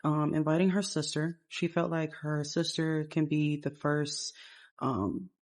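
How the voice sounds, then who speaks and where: Brief: rambling casual game narrator, woman, lowish warm voice. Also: steady tone, a little slow. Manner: rambling, storytelling.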